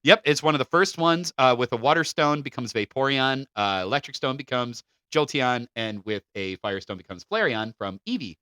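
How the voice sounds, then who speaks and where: A man co-hosting a casual podcast, his voice bright and a little high, swinging up and down as he reads notes aloud and breaks into laughs. The close mic sounds dry and near. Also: animated, moderate pace, hardly any pauses, no echo. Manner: reads from notes, laughs often, stumbles on names. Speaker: podcast co-host.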